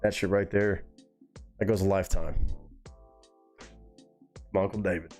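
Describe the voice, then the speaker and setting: A man with a fairly low voice tells a long story on his live stream. He talks in a relaxed, rambling way and swears freely. Soft music plays faintly behind him. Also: a little slow. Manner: relaxed, rambling and heavily profane.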